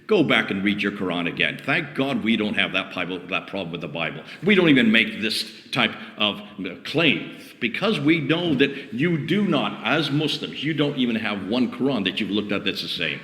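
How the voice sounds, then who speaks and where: A man's voice: fairly low pitch, lively intonation, normal speed, hardly any pauses, bright, forceful tone, roomy sound, in a large hall. A man preaching in a heated open-air debate, firing off challenging rhetorical questions. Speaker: street preacher.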